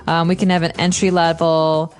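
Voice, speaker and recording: A woman's voice: fairly low pitch, little pitch movement, moderate pace, smooth. A woman co-hosting an English lesson podcast, patiently explaining phrases with examples. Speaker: co-host, English teacher. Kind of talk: explaining vocabulary.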